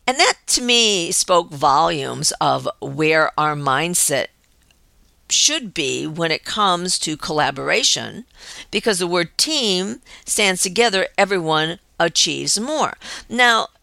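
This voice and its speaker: An older woman hosting her own show, chatting through a personal story in an animated, storytelling way. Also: lowish voice, takes it slowly, creaky, no echo. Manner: chatty, animated storyteller acting out quoted voices. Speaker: show host.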